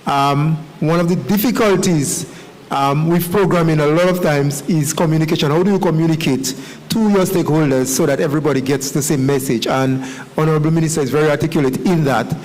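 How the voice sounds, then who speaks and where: A man, an education official, making formal, measured remarks at a press briefing. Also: fairly high pitch, a little mellow, low-quality recording.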